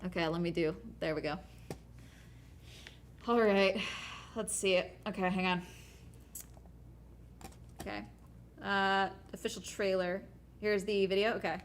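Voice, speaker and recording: A woman's voice: mid-range voice, steady tone, a little slow, long pauses, a little hiss or hum. A young woman vlogger chatting casually, rambling and giggling with many fillers. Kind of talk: casual chat. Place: at home after a cruise.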